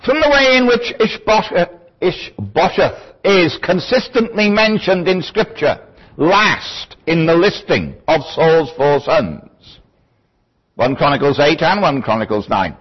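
A man with a fairly high, husky voice leads a verse-by-verse Bible study, his pitch rising and falling in a lively way. He lectures thoughtfully and wanders into small asides. The recording sounds dull and lo-fi. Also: measured pace. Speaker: Bible teacher.

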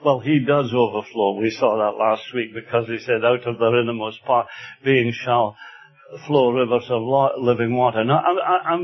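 A man from Scotland delivers a sermon with a husky, slightly breathy voice. His talk is earnest and unhurried, rising to emphatic passages. The recording has a dull, lo-fi sound. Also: medium pitch. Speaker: preacher.

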